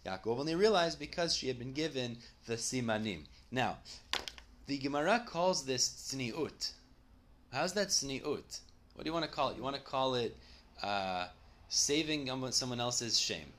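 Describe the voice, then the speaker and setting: A man's voice: medium pitch, lively intonation, measured pace, fairly bright tone, slight background noise. A man teaching a Talmud study lesson, who reads each line aloud and then explains it in English.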